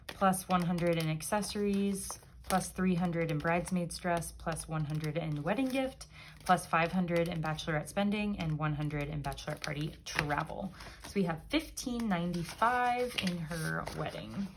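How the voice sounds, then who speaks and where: A woman's voice: on the low side, moderate pace, background noise. A woman vlogger chatting casually and upbeat as she counts bills aloud, one by one. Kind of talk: casual chat while counting cash.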